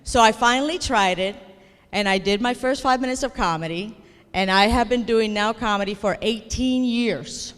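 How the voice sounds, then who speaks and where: A woman's voice: a little high, normal speed, a bit bright. A woman giving a comedic keynote speech, telling playful, self-deprecating stories to an audience. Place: large hall before an audience. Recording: long hall reverb.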